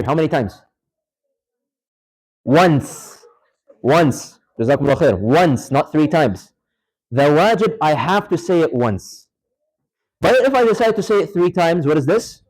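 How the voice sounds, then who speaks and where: A man teaching a class on prayer in a mosque hall. His voice sits a little high, and he keeps firing quick questions at the students. He repeats the important points so they sink in. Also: darkish tone. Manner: quizzes students, repeats key points for emphasis. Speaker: Islamic studies teacher. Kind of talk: interactive classroom lecture.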